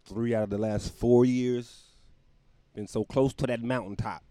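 A man's voice: mid-range voice, fairly even intonation, measured pace, dark tone, no echo. A man hosting his own show, rambling through a casual comedic monologue and laughing at his own jokes, talking from a room at home near the windows. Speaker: podcast host.

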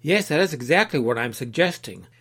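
Man doing an earnest young truth-seeker in a storybook reading, measured and steady. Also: on the high side, husky, heavily acted.

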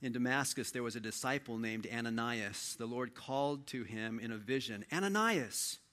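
Preacher guy, bright voice, chatty storytelling sermon. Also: mid-range voice, moderate pace. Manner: storytelling, conversational, animated. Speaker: pastor. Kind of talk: sermon with scripture reading.

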